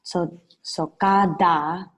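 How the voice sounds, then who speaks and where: A woman's voice: fairly low pitch, fairly even intonation, extremely slow, fairly bright tone, slightly rough, poor audio. A woman taking a one-on-one language lesson over a video call, tentatively sounding out words. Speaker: language student.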